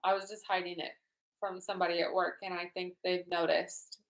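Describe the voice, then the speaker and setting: A woman's voice: on the low side, flat delivery. A young woman co-hosting a book club livestream, chiming in with reminders in casual chat. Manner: quick to chime in and add reminders.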